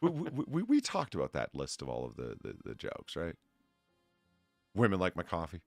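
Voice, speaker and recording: A man's voice: deep voice, wildly swooping pitch, normal speed, gravelly, no echo, soft background music. A man hosting a casual podcast, reading out donations, often laughing and repeating words. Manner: laughing, stammering restarts. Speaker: podcast host.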